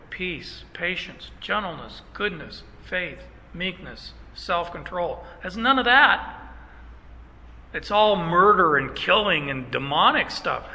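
Slow, bright-voiced preacher in a hall. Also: male voice, high voice. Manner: emphatic preaching with slow stressed phrases. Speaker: pastor. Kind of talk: sermon.

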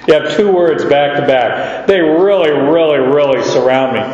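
A man preaches a verse-by-verse sermon in a slow, halting way, often repeating his words. His voice sits a little high. The recording is dull and carries a long echo from a large hall. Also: a little mellow. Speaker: pastor. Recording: echoey hall, dull sound.

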